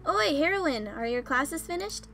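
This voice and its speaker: A woman voicing an energetic, cheerful teenage boy classmate while reading game dialogue aloud, loud and caring. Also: sits high, measured pace, vocal fry, soft background music, pitched above the performer's own voice, full character voice.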